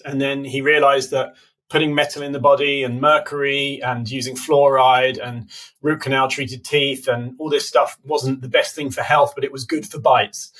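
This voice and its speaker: A man's voice: medium pitch, a bit bright. British male podcast guest explaining. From United Kingdom. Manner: quick, explanatory, with fillers. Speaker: podcast guest, biohacking conference organizer. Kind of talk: casual interview answers.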